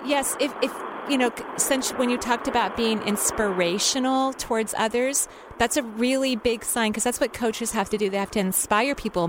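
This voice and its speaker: A woman hosting a call-in radio show, giving a caller gentle intuitive career guidance with an encouraging, unhurried manner. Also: mid-range voice, slight background noise. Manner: soothing, encouraging, unhurried with many fillers.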